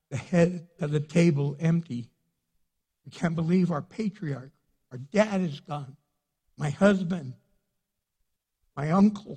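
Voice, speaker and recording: A middle-aged man, a pastor, preaching a sermon in a husky voice, earnest and conversational, acting out prayers in between. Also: on the high side, dark tone. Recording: long hall reverb.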